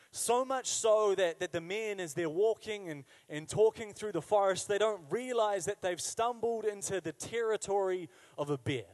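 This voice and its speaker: High-voiced man preaching a sermon. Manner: conversational, engages listeners with questions; emphatic repetition. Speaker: pastor.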